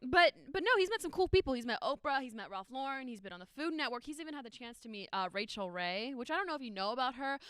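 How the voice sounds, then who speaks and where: A young woman does stand-up with chatty, self-mocking asides. Her voice is bright, smooth and fairly high. The sound is close and dry. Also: animated, fast, few pauses, no echo. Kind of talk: stand-up comedy.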